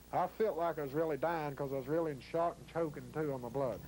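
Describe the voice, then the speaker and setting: A man's voice: on the high side, fast, a little mellow, slight background noise, poor audio. A man with an Appalachian accent telling his own story in a rambling way, acting out what others said. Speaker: interviewee. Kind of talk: emotional first-person storytelling.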